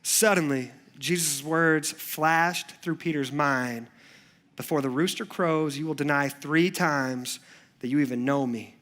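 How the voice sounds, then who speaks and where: In a church, a male youth pastor delivers a sermon, narrating the story so it shifts between hushed passages and lively ones. His voice is fairly high and his pace measured.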